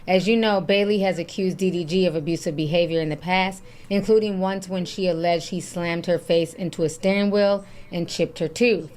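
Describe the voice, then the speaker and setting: A woman hosting a reaction video who reads celebrity news and text messages aloud and comments on them between readings. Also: medium pitch.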